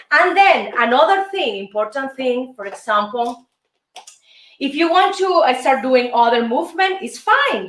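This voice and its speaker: With music playing behind her and a far-off mic catching the room, this Cuban dance teacher and show host walks through salsa steps in Cuban-accented Spanish. She calls out moves and counts beats chattily, in a slightly high, somewhat bright voice.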